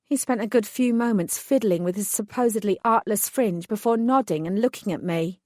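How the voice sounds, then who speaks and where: A woman's voice: mid-range voice, moderate pace, a little mellow, no room sound. A woman narrating a first-person fantasy audiobook in a dry, composed way.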